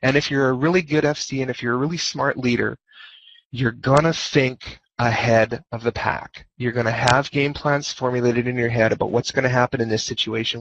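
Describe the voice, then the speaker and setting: A man's voice: mid-range voice, fairly bright tone. A man giving a guest lecture on leading fleets, talking casually and joking, repeating his key points over a headset. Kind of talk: informal lecture over voice chat. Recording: dull lo-fi voice chat audio.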